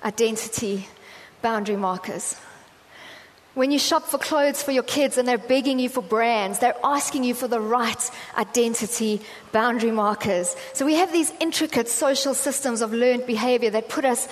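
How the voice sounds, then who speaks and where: A woman's voice: fairly high pitch, moderate pace. A woman preacher with a South African accent, giving a conversational sermon and telling stories with acted-out voices. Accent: South African English. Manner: chatty storytelling, acting out quoted voices. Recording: reverberant hall with faint ambient noise.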